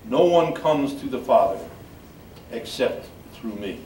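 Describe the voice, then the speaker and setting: Older man, priest, measured solemn reading, medium pitch, roomy echo, faint noise. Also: lively intonation, a little mellow. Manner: measured solemn reading, halting when speaking freely. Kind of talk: reading scripture at a memorial service. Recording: echoey room from far off, faint background noise.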